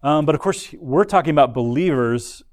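A man's voice: a little high, animated, moderate pace, no echo, studio quality. A man teaching a Bible lesson in an explanatory way, often restarting his sentences. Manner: explanatory, frequent restarts and fillers.

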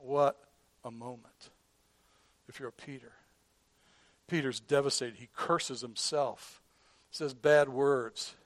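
A man preaching a sermon in an earnest way, who often repeats and restarts words and drops from loud emphasis to a hush. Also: medium pitch, no room sound. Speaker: pastor.

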